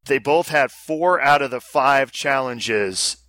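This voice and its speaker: A man co-hosts a casual podcast, his voice bright and forward. He explains things at length, repeating words as he works through them. The sound is dry and close. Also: medium pitch, expressive, takes it slowly, dry recording. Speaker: podcast co-host. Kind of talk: casual chat.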